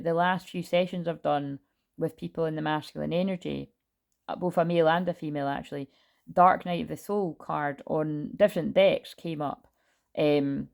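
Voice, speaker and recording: Woman tarot reader, low gravelly voice, loud and sweary, casual. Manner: loud, chatty, swears freely. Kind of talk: casual tarot reading monologue. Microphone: built-in camera mic, no lapel.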